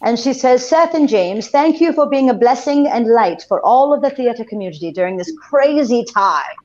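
Brief: woman, slightly high, wry humor, dull lo-fi call audio. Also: lively intonation, moderate pace, a little mellow. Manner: wry, self-deprecating. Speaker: guest actress. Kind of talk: casual chat over video call. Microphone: video call.

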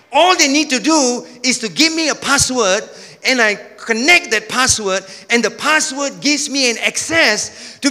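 A man preaching a sermon with energy, now and then rising to a shout. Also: high voice, in a large hall. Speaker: pastor.

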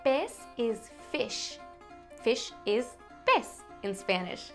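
A woman teaching toddlers simple words, slow and sing-song, with playful sounds. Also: on the high side, sing-song, soft background music. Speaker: children's Spanish teacher.

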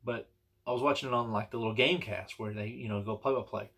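A man's voice: mid-range voice, steady tone, fast talker, fairly bright tone, husky. A man telling a personal story in a casual, rambling and earnest way, with many restarts and fillers. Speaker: vlogger telling personal stories.

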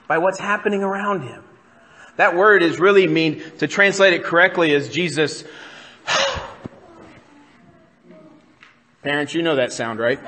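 A man's voice: a little high, sharp tone, in a large hall. A man preaching a sermon as pastor, talking in a conversational way and putting questions to the congregation. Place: church sanctuary.

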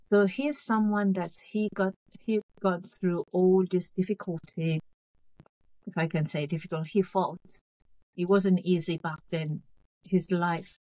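A woman in her fifties raised in North Korea, a guest author in an interview, speaking in a halting, earnest way, repeating phrases and checking she is understood. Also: on the low side, steady tone, warm tone, dry recording, rough recording. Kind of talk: interview conversation.

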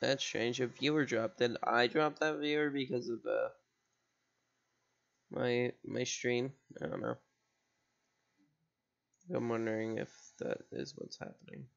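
Gravelly-voiced man streaming games. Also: medium pitch, steady tone, measured pace, pauses often, muffled recording. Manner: rambling, repeats words while thinking aloud. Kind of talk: casual gameplay commentary.

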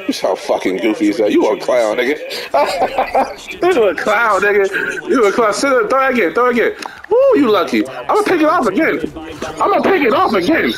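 High, lively man trash-talking. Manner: taunting, mocking, profane, laughs a lot. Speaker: gamer streaming a football video game. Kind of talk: casual trash talk over a headset chat. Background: video game crowd and commentary.

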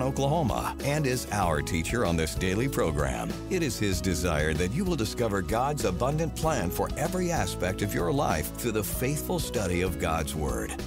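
Man announcer, smooth scripted intro, low and lively, with music underneath. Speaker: radio program announcer. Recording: announcement over clear music bed.

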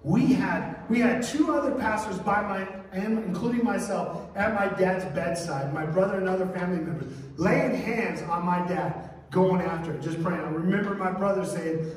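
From a church sanctuary, a pastor preaches a sermon, telling stories and acting out the voices of the people in them. His voice is high-pitched and paced normally, caught from far off in an echoey church hall.

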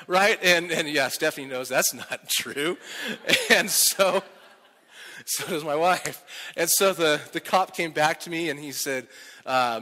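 Male pastor, animated sermon storytelling, bright forceful voice, long church reverb. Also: fairly high pitch, a little slow. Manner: animated, self-deprecating storytelling. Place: church sanctuary.

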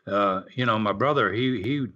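A man's voice: lowish voice, moderate pace, bright, forceful tone. An older man, a former wrestler, telling folksy stories in a casual interview, full of fillers and restarts. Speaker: wrestling guest. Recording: slightly dull lo-fi audio.

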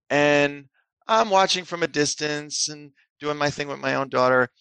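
A man, a psychotherapist and author, talking as a guest on a podcast and telling lively stories that act out the people in them. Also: medium pitch, vocal fry, clean tone, dry recording. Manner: animated storyteller, acts out quoted people. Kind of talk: casual interview talk, storytelling.

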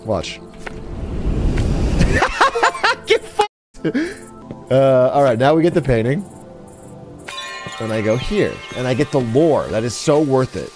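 A man streaming a puzzle game live, giving excitable, sarcastic commentary with frequent swearing and laughter. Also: mid-range voice, slow pace, pauses often. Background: game music.

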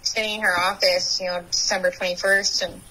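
A woman's voice: on the low side, level tone, brisk, sharp tone, breathy edge, rough recording. A young woman, a podcast guest, candidly and emotionally telling her personal recovery story.

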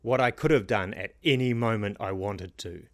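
A man's voice: fairly low pitch, normal speed, dry recording, clean studio sound, natural voice. A man voicing a tall, contemptuous male general who speaks firmly. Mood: scornful. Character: tall scornful male general, secretly powerful.

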